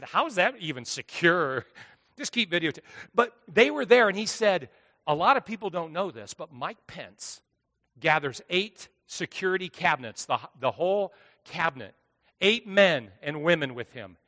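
A man preaching a sermon as pastor, swinging between hushed asides and loud, driving lines. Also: on the high side. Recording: long hall reverb.

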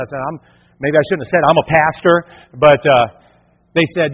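A middle-aged male pastor preaching a lively sermon, acting out the voices he quotes. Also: a little high, a little fast, husky. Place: church hall. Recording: dull, long-reverb church hall.

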